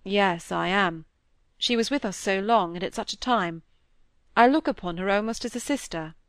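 A woman reading the part of an earnest young Victorian gentleman in an audiobook, measured and sincere. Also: mid-range voice, no room sound, clean studio sound, lightly acted.

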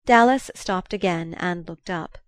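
A woman's voice: on the low side, dry recording. Woman reading a novel, dry close sound. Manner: measured, even, unhurried. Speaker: audiobook narrator. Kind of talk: scripted literary narration.

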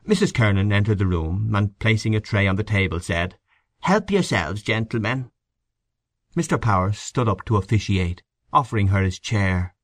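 A man narrating literary fiction for an audiobook in a measured, expressive manner. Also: fairly low pitch, no room sound, clean studio sound.

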